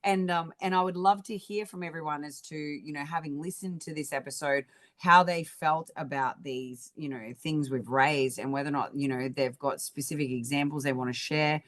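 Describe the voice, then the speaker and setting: Deep-voiced woman podcast co-host. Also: normal speed, hardly any pauses. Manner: relaxed, full of "um" and "you know". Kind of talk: casual podcast chat.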